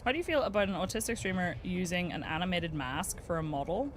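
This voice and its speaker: Woman game streamer, chatty storyteller, lively pitch, faint background noise. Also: fast. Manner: chatty storyteller, animated, laughs a lot. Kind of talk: casual chat while playing a game.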